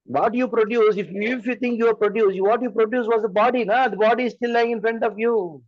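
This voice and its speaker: High-voiced Indian English man preaching. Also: steady tone, fairly quick, dry recording, lo-fi sound. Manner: repeated rhetorical questions. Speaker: spiritual teacher. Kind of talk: sermon.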